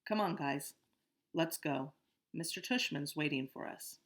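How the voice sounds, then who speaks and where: A woman voicing a calm, easygoing, brave schoolboy of about twelve. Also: low voice, unhurried. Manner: laid-back, easygoing.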